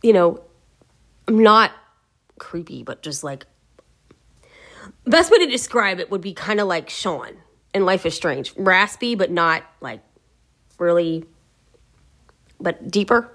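Woman host, slightly low pitch, casual unscripted musing, hesitant and wordy. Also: very animated, takes it slowly, long pauses, a bit bright. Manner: rambling and hesitant, searching for words. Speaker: gaming video host. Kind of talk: casual talk to camera.

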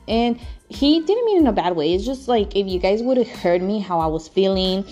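A woman vlogging her own story in a casual, rambling, animated way, full of "like" and "freaking". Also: mid-range voice, a little fast, soft background music.

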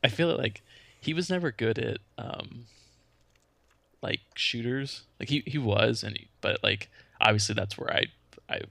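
A young man talking in a loose, rambling way, full of fillers. His voice has a gravelly fry to it. The sound is dry and close, with no room echo. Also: medium pitch, expressive, measured pace, sharp tone. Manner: laid-back, rambling, lots of fillers. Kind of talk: casual chat.

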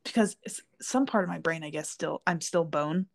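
A woman's voice: sits low, normal speed, creaky. A woman co-hosting a podcast, chatting casually and rambling with lots of fillers. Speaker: podcast co-host. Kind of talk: casual chat.

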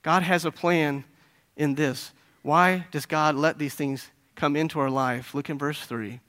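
Earnest man preaching a sermon, slightly high voice. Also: fairly even intonation, a little slow. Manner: earnest, conversational preaching with frequent "right?"; bursts of louder, higher emphasis. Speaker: pastor.

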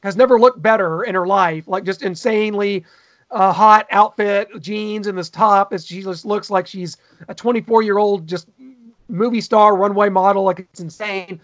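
A man's voice: high voice, fairly even intonation, moderate pace, fairly bright tone. A man co-hosting a podcast, chatting casually and gushing about an old sitcom episode, with frequent fillers. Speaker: podcast co-host.

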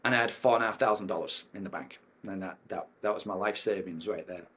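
A man's voice: low-pitched, quick pace, fairly bright tone, breathy edge. A middle-aged man with an English accent, a podcast guest telling a personal story frankly, with frequent ums and restarts. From England. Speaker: podcast guest, performance coach.

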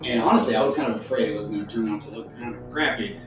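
A man who works as a voice-over artist, a podcast guest talking in a smooth, animated way. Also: lowish voice, rapid-fire. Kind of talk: casual podcast chat. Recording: echoey room with music behind.

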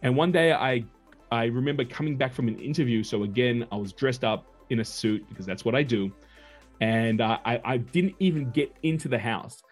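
A man's voice: medium pitch, moderate pace, soft background music. Man telling a rambling story. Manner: chatty, digressive storyteller. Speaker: podcast guest. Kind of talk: casual anecdotal storytelling.

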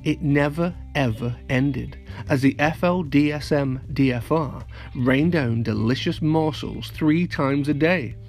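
A man reading a children's story aloud at a steady pace. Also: on the high side, a little slow, faint music behind. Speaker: narrator.

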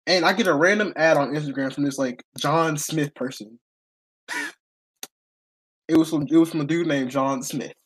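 A young man hosting a casual podcast, telling a story in an excitable, rambling way with frequent laughs. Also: on the high side, moderate pace, pauses often, husky, low-quality recording. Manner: excitable, laughs often, rambling with many restarts. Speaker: podcast host.

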